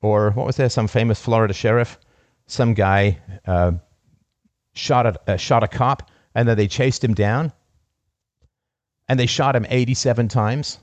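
A man hosting a call-in talk show in a dry, close recording. He speaks emphatically and often repeats his key phrases for weight, sometimes laughing at his own anecdotes. His pitch sits in an ordinary middle range. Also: a little slow, no room sound. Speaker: podcast host. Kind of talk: call-in conversation.

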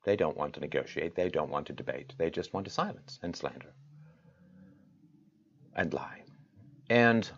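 Male host, very low voice, impassioned rhetorical monologue, lo-fi sound. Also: animated, moderate pace, pauses often, slightly rough. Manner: impassioned, rhetorical, swings from loud to quiet. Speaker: show host. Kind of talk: direct-to-camera address.

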